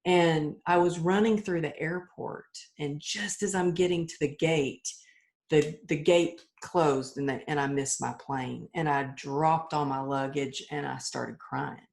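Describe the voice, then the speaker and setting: A woman's voice: sits low, fairly even intonation, a little slow, vocal fry, darkish tone. A middle-aged woman, a podcast guest, telling her story candidly and earnestly, often restarting her sentences. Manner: earnest and open, with frequent restarts and acted-out quotes.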